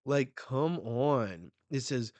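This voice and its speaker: Slow-talking young man reacting to manga. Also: medium pitch, no room sound. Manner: excitable, swears, reads panels aloud. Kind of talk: live reading reaction.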